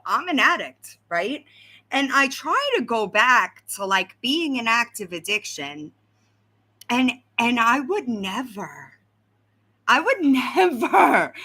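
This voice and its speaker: A woman hosts a casual livestream, talking to her chat in an animated way and tossing in "right?" all the time. Her voice is bright, with a high, lively pitch that jumps around. She takes her time and lets her words stretch out. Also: slightly rough. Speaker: livestream host.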